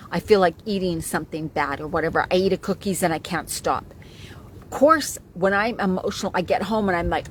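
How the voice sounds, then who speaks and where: A woman in her forties with a fairly low voice talks casually to camera as a wellness coach in a talking-head vlog. She is chatty and keeps checking in with "right?", and the rough recording carries slight background noise.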